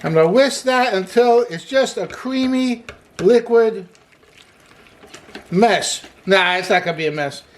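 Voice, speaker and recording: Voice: medium pitch, a little slow, a little hiss or hum. A cooking show host giving a casual demonstration in an upbeat way, often opening lines with "hey", repeating praise like "wonderful" and joking and laughing at their own asides.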